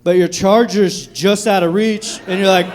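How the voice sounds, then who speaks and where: A man's voice: sits high, fairly even intonation, normal speed, noisy background. A young adult man doing a stand-up comedy set on a club stage, profane and rambling, often laughing at his own jokes. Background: audience laughter.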